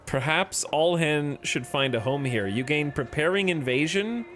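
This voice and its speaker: Male streamer, slightly high and very animated delivery; reads in-game text with wry commentary over soft game music. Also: a little slow, hardly any pauses. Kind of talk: casual gameplay commentary.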